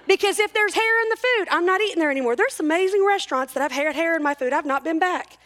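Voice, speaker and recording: Speaking at a quick pace, this church speaker has a very high-pitched, expressive and slightly bright voice. The woman, in her forties, gives a chatty, joke-filled talk at a church service, poking fun at herself.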